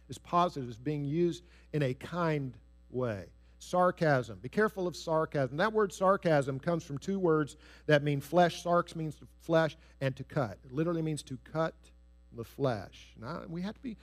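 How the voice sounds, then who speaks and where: A man preaching a sermon in an earnest, storytelling way, stressing key phrases and dropping soft on others. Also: a little high. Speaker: pastor.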